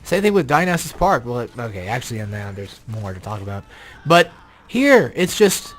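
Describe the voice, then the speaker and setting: With slight background noise, a young male game guide commentator rambles casually through gameplay in a very animated, fairly bright mid-range voice at normal speed. He yawns with tiredness, swears often, gets exasperated, and his voice has an odd robotic glitch.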